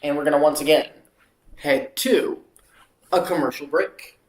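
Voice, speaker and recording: A watchalong streamer calling the game play by play, stretching out calls and drifting into casual asides, on a mic that peaks on loud moments. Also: mid-range voice, measured pace, echoey room, poor audio. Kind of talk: amateur play-by-play commentary.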